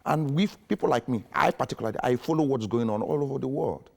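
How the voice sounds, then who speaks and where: A man's voice: medium pitch, fast, gravelly, a little mellow. A man from Nigeria, a panelist in a heated studio debate, talking insistently and stumbling over repeated words. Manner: insistent, interrupts and repeats himself.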